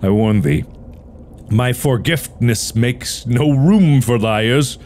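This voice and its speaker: A man's voice: medium pitch, slow, darkish tone, slight background noise, lightly acted. A man voicing a stern woodcutter in a game, speaking in pompous mock-archaic English.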